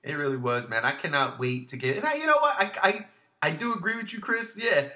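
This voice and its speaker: A man co-hosting a casual movie review podcast, animated, swearing freely and swinging from low murmurs to loud outbursts. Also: fairly quick. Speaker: podcast co-host.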